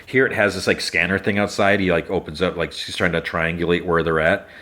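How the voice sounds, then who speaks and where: Deep-voiced man casually recapping an episode. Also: fairly even intonation, a little fast, sharp tone. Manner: loose retelling full of "like" and restarts. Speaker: podcast host.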